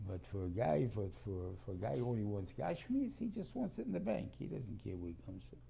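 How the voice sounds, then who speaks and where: A man's voice: fairly low pitch, big pitch swings, fairly quick, vocal fry, dark tone, slight background noise. A man teaching a Torah class in a rambling, conversational way, often restarting his sentences and mixing in Hebrew terms.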